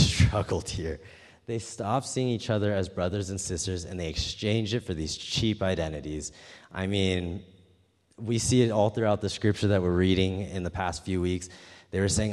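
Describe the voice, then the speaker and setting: A man's voice: lowish voice, a little mellow. A man preaching a sermon, telling a personal story in an earnest, emphatic way. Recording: long hall reverb.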